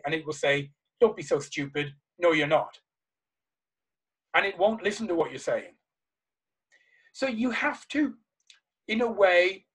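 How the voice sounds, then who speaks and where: In a live seminar before an audience, a man delivers motivational talk with passion, stressing and repeating key phrases. His voice is high-pitched, husky and fairly bright, and the recording is rough.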